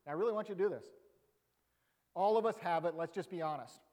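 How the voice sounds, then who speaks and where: A man's voice: high voice, fast, a little mellow, big-room sound. A man pastor preaching a sermon in a conversational, humorous way with emphatic rising bursts.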